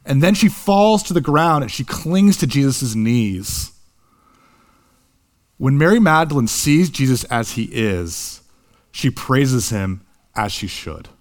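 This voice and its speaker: A young man preaching with earnest conviction, slowing down to linger on key words. His voice sits at an ordinary middle pitch for a man and climbs as the message builds toward its high points. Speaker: pastor. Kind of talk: sermon.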